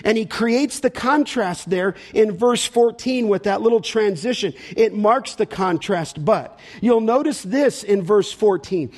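A man teaching scripture as a pastor, emphatic and repetitive for stress, pausing to ask the audience to fill in words. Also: high voice, darkish tone. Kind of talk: expository Bible teaching.

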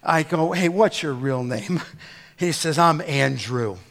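A man's voice: a little high, slow pace, creaky, a bit bright. A middle-aged male pastor preaching a sermon, building to emphatic exhortations and breaking into personal stories. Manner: emphatic preaching with rising exhortations and storytelling asides.

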